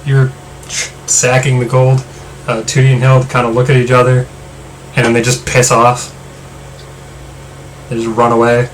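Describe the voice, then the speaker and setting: A man's voice: medium pitch, completely flat delivery, normal speed, pauses often, a little hiss or hum, rough recording. A man running a tabletop game as game master, narrating loosely with many fillers and restarts.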